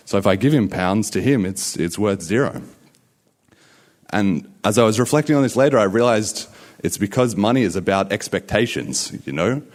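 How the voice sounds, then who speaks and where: A man hosting a conference on stage, telling a story to a live audience in a casual, upbeat way. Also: low-pitched. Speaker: conference host and emcee.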